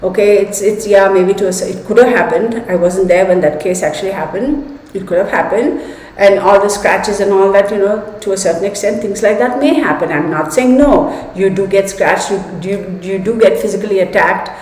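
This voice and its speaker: A woman hosting a livestream, telling a personal story in an animated, chatty way and speaking straight to her viewers. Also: medium pitch, normal speed. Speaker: tarot channel host. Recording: echoey room with long reverb.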